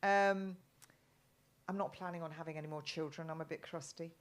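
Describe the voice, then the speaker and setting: Rambling low-voiced middle-aged woman. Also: steady tone, brisk. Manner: rambling, many restarts and ums. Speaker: guest. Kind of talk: casual live chat.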